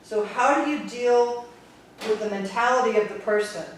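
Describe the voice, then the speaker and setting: Bronx-accented woman Pilates teacher, sarcastic and no-nonsense, heard from a way off in a booming, echoey studio. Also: moderate pace, slight background noise. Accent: New York (Bronx). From the Bronx, New York. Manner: blunt, sarcastic. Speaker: Pilates instructor. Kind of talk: teaching talk to instructors. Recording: very echoey room, distant mic.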